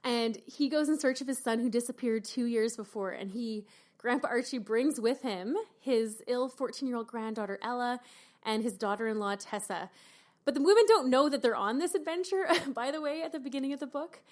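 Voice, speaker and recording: A woman author from Canada, talking in an animated, expressive way about her book in a radio interview. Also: a little high, brisk. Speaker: author guest.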